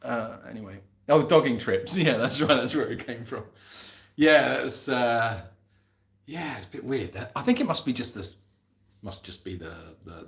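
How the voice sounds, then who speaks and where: Brief: English man, mid-pitched, rambling live-chat host, roomy echo. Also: fairly bright tone. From England. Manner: chatty, rambling, laughs at himself. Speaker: animal sanctuary host reading live chat.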